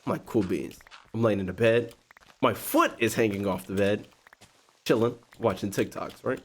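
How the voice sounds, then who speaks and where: A man hosting a gaming video, telling a story in a slangy, expressive way and often breaking into laughter. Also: fairly low pitch, moderate pace, slight background noise. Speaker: gaming YouTuber host. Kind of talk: animated storytime while playing a game.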